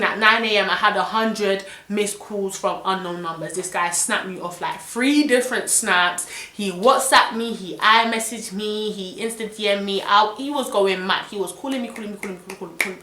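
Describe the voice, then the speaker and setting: Young London woman, vlogger, bright and indignant storytelling, echoey room. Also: fairly high pitch. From London, England. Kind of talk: storytime vlog.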